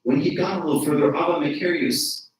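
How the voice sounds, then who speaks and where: A man's voice: a little high, fairly quick, recorded from a distance. A man giving a conversational sermon as an archdeacon, engaging the congregation with frequent rhetorical questions. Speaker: archdeacon preaching. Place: church. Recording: very echoey church from afar.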